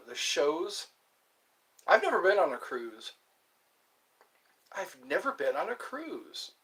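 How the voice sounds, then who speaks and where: Slow rambling man livestreaming alone. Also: fairly high pitch, a bit bright. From US East Coast. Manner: slow, meandering, talks to himself, laughs. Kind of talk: rambling solo livestream chat.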